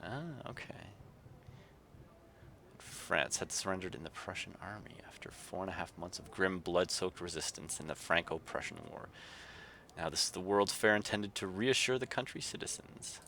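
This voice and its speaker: A man's voice: low voice, lively intonation, normal speed, pushed and bright, slight background noise. A man livestreaming a game, reading its text aloud and chatting casually with viewers. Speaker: streamer.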